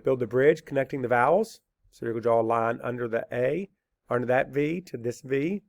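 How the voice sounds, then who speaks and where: A man teaching a spelling lesson, dictating words slowly letter by letter and asking and answering his own questions patiently. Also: medium pitch, no echo, clean studio sound. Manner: slow, deliberate letter-by-letter dictation.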